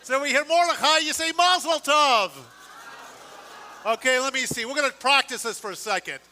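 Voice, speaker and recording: Guy running a congregation, super high bright voice, jokey and pumped, faint noise behind. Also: moderate pace, long reverb tail. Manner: energetic, joking, rallying the crowd. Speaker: service leader. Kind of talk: leading a congregation. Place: synagogue sanctuary.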